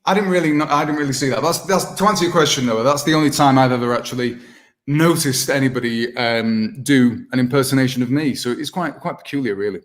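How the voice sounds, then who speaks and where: On a video call, a man who works as an impressionist chats in a mid-range voice, talking fast. He's animated and talkative, repeatedly slipping into impressions of other voices.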